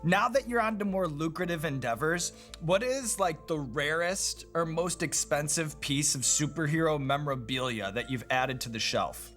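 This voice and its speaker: A man hosting an interview, putting long prepared questions to his guest in a measured way. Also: fairly high pitch, lively intonation, fairly bright tone, faint music behind. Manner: measured, reads lengthy questions. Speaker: interview host.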